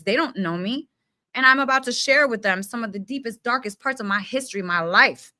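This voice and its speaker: A young woman launches into an unfiltered motivational rant, her voice bright and forceful and pitched a touch high. She talks in loose, slangy bursts and leans hard on her emphasis, with a mild curse thrown in. The recording is close and dry. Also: no room sound. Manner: animated, emphatic and casual, with slang and mild swearing. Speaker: spiritual self-help speaker.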